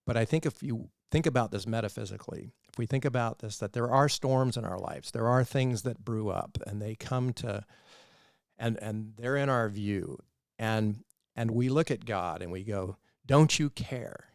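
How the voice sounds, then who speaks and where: A man hosting a faith-based podcast, telling stories in an animated, earnest, preaching manner. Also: on the low side, moderate pace, creaky, no room sound, studio quality. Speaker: podcast host.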